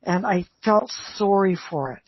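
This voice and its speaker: A woman's voice: medium pitch, lively intonation, unhurried, slightly rough, no echo. A woman co-hosting a radio talk show, telling a story in casual chat and often exclaiming. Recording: muffled dry radio studio sound.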